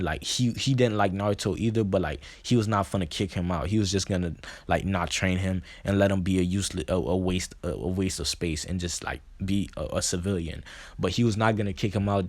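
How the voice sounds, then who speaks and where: A man casually retelling a fan story, halting with many fillers and restarts. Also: on the low side, no room sound.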